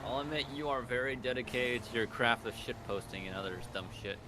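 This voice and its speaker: A man's voice: mid-range voice, a little fast, background noise. A man playing along on a gaming video, teasing his friend in casual chat and swearing often. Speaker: co-player.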